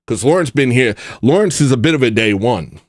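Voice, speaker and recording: A man's voice: medium pitch, expressive, a little fast, no echo, clean studio sound. A man hosting a casual livestream, rambling and joking as he answers his chat. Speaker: livestream host. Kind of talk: casual livestream chat, reading viewer messages.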